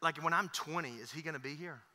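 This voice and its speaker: A man preaching in a church quotes his blunt, practical seven-year-old son in a quiet voice. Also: fairly high pitch, fast, in a large hall, pitched below the performer's own voice. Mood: curious.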